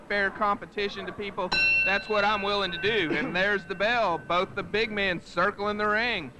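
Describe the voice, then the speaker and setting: A man's voice: high-pitched, background noise. A man calling wrestling play-by-play in an earnest, righteous manner. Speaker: play-by-play commentator. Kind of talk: wrestling commentary.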